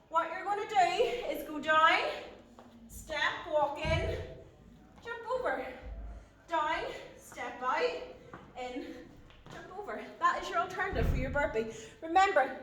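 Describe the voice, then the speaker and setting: High, bright-voiced woman coaching a workout. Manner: brisk coaching cues, short commands. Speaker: fitness instructor. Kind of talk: workout tutorial instruction. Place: indoor gym. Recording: echoey gym, mic at a distance.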